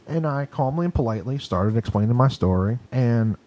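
A man's voice: mid-range voice, lively intonation, a little fast, mellow, dull audio. Agitated, swearing man ranting in studio. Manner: agitated, profane, emphatic ranting. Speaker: podcast co-host. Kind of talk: casual ranting storytelling. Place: recording studio.

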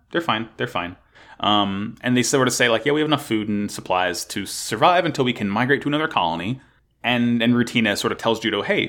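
A man casually recapping an anime episode, swearing freely and acting out the characters' lines. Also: medium pitch. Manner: animated, swears a lot, acts out characters' lines. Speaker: podcast co-host recapping an anime. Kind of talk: casual chat.

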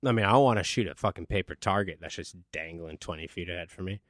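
A man co-hosting a casual comedic podcast, joking around, animated and swearing often. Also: deep voice, quick pace, no echo, studio quality. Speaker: podcast co-host.

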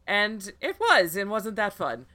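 Bright, giggly woman co-host. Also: medium pitch. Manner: animated and giggly, quick to joke. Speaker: podcast co-host. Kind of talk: casual chat.

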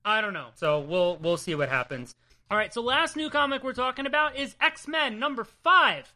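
A young man with a New Jersey accent co-hosting a comic book podcast in casual, animated chat, teasing his co-host and swearing freely. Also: very high voice, moderate pace.

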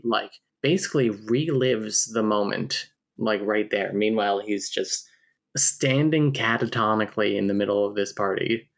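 A man hosting a casual podcast chat, talking loosely with frequent fillers and reading passages aloud. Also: on the low side. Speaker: podcast host reviewing a book.

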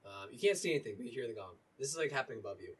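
A man running a tabletop game as dungeon master, narrating in a relaxed, halting way with many fillers. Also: mid-range voice, husky. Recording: voice a little distant from mic.

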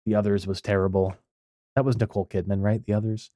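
A man's voice: on the low side, flat delivery, quick pace, warm tone, dry recording, clean studio sound. A man co-hosting a podcast in casual chat, opinionated and blunt, with lots of "like" and "um" fillers. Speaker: podcast co-host.

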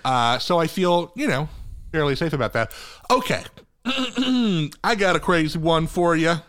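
A man's voice: fairly high pitch, big pitch swings, a little slow, a bit bright, dry recording, clean studio sound. A man co-hosting a podcast in casual chat, joking and rambling, swearing now and then. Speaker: podcast co-host.

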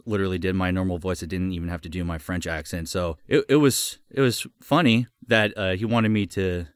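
A man in his twenties, a guest voice actor chatting casually on a podcast, upbeat and quick to laugh, often repeating words as he goes. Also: low-pitched, clean tone, no echo, studio quality.

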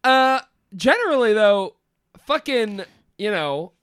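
A man's voice: sits high, big pitch swings, slow pace, a bit bright, smooth, no echo, studio quality. A man co-hosting a podcast in casual chat, joking, laughing often and swearing casually. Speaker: podcast co-host.

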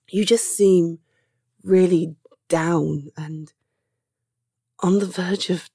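A woman speaks in a gentle, reassuring comfort role-play, her voice mellow and breathy. She talks slowly and sometimes sinks to a whisper. The sound is close and dry. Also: fairly low pitch, fairly even intonation, no echo. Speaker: audio role-play performer.

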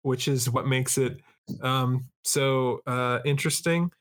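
A woman co-hosting a casual chat who laughs often and stalls on fillers. Her voice sits unusually low for a woman. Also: steady tone, slow pace. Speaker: podcast co-host.

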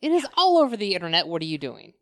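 A woman's voice: on the low side, big pitch swings, rapid-fire, a bit bright, no room sound, clean studio sound. A woman co-hosting a podcast in casual chat, opinionated and laughing often. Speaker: podcast co-host.

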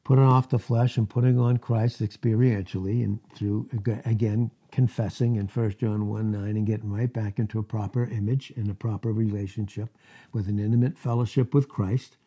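Male preacher with a husky voice, delivering an emphatic sermon. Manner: emphatic, rising to high animated bursts.

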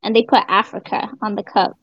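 A woman's voice: medium pitch, little pitch movement, brisk, fairly bright tone, slightly rough, no echo, dull audio. A young woman in a casual chat, telling a story and making wry remarks.

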